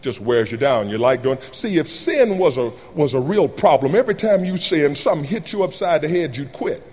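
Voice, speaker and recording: A man's voice: on the high side, fairly quick, dull audio, slight background noise. A man preaching a sermon, leading his congregation in call-and-response and acting out little scenes as he goes. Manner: animated, plays out little scenes, calls on the congregation. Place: large hall or church. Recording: long hall reverb.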